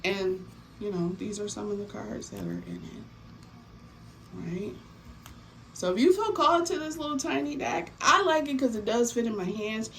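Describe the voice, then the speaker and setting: A woman hosting a tarot deck giveaway in a casual, animated chat, swearing freely and repeating herself for emphasis. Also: mid-range voice, moderate pace, gravelly, rough recording. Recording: faint background noise.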